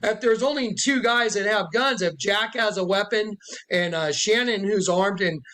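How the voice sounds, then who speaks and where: A self-described prophet tells an emotional story to followers sitting with him indoors, speaking emphatically and acting out the voices he quotes. His voice is high and sharp in tone, at a normal speed.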